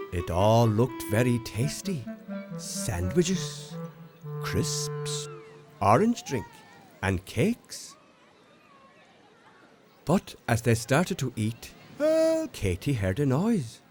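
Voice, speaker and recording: A man gently narrating a children's storybook in an expressive, unhurried way. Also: mid-range voice. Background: music.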